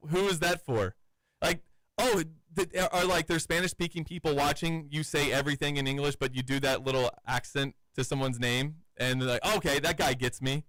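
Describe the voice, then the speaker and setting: A man's voice: on the high side, steady tone, normal speed, a bit bright, dry recording, poor audio. A man hosting a radio show, chatting casually and laughing easily. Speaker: radio sports show host. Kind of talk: casual studio chat.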